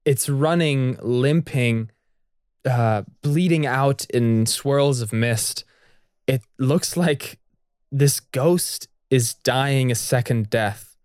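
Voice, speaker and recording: A man's voice: medium pitch, drawn-out words, darkish tone, clear, resonant tone, no echo. Guy riffing a spooky story, jokey, restarts a lot, dry close mic. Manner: jokey, laughs often, stammering restarts. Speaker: co-narrator of a story podcast. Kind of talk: improvised storytelling.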